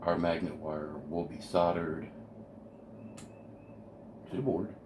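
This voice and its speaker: Very low-voiced eager man on a noisy recording. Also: takes it slowly. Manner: eager, excitable explaining. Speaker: amateur radio hobbyist building a kit. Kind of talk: hands-on kit assembly walkthrough. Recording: noisy home video recording.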